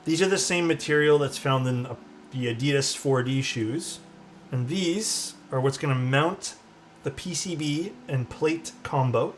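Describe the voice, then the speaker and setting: With faint music in the background, a man of medium pitch talks unhurriedly while building a keyboard on stream. He chats loosely, reasons out loud, replies to viewers, and now and then wanders away from the mic to hunt for parts.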